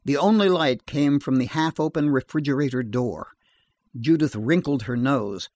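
A man narrating a horror story in a steady, measured reading voice. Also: medium pitch, dry recording.

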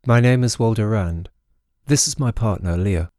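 A man voicing a composed, formal male agent who speaks politely and flatly. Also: lowish voice, moderate pace, no room sound, clean studio sound, lightly acted. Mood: cool.

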